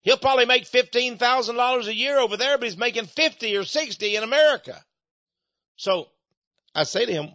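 Older man, high voice, rambling talk show monologue, dull dry lo-fi sound. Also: expressive, a little fast, pushed and bright, no echo. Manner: rambling, repeats words when heated. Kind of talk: political commentary monologue.

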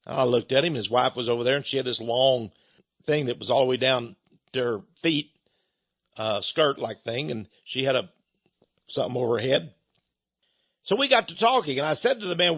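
A man's voice: mid-range voice, expressive, normal speed, fairly bright tone, breathy edge, dry recording. An older man hosting a talk show, delivering a rambling political commentary monologue and repeating words when he gets heated. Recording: dull lo-fi dry sound.

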